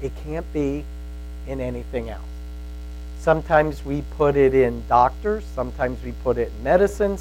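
In poor audio with slight background noise, a man with a medium-pitched, darkish voice teaches the Bible through a conversational sermon. He tells folksy stories and keeps checking in with his audience, frequently asking "right?"

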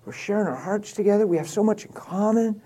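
A man voicing his earnest young adult son, speaking softly and tentatively. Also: sits high, fast. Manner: tentative, soft, mealy-mouthed.

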